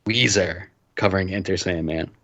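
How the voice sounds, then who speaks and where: A man hosting a casual podcast chat, sardonic, reading out items in a flat way. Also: low-pitched, normal speed, slight background noise. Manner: sardonic, reads list items flatly. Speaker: podcast host. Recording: dull lo-fi dry sound.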